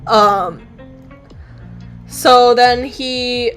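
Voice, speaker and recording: A woman's voice: fairly high pitch, drawn-out words, a bit bright, faint music behind. A woman casually recounting her comic's story while drawing, rambling with fillers and casual swearing. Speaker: comic artist.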